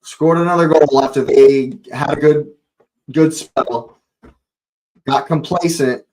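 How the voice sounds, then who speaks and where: A man's voice: on the high side, fairly even intonation, slow, darkish tone, low-quality recording. A man hosting a live football watch-along, reacting with exasperated, swearing outbursts.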